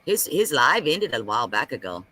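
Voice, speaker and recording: A man talking on a casual live stream, animated and ranting, repeating himself as he makes his point. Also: medium pitch, moderate pace, slight background noise, rough recording.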